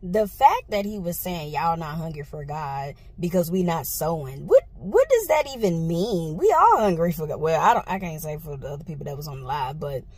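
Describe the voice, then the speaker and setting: A woman vlogger telling a casual story into a handheld phone, animated and exclaiming, laughing often. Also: low-pitched, normal speed, few pauses, slightly rough. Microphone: phone held in hand.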